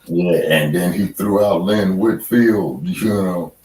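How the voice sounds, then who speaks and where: A man co-hosting a casual podcast chat, talking in a laid-back, drawn-out way. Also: deep voice, darkish tone, echoey room, far from the mic, rough recording. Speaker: podcast co-host.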